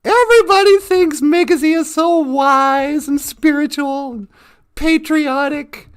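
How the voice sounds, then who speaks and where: A man's voice: very high voice, measured pace. A man voicing a sly male fox who steals eggs and teases his friends in a brash, chatty way. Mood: teasing. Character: sly joking male fox, egg thief.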